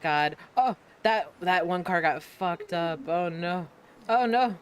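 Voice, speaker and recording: A woman's voice: on the low side, takes it slowly, a little hiss or hum. A woman streaming a game, chatting casually and playfully, laughing often and swearing now and then. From United States. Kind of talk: casual gameplay chat.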